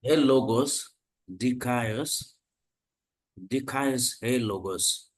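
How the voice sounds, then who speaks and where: A man reads out a grammar exercise slowly and carefully. His pitch is about average for a man. He takes each word with measured care. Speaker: student. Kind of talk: reading aloud in class.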